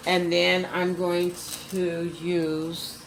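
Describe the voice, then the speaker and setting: A woman's voice: lowish voice, flat delivery, very slow, noisy background. Chatty woman doing a kitchen demo. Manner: chatty, addresses viewers as "you guys"; repeats ingredient names as she adds them. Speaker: cooking vlogger. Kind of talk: casual cooking demo to camera. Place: home kitchen.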